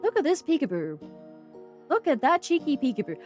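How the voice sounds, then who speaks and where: A young Australian woman streaming, chatting casually to her viewers, giggling and gasping excitedly. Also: high voice, soft background music. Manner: giggly, bubbly and excitable, quick gasps and squeals. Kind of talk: casual live-stream chat.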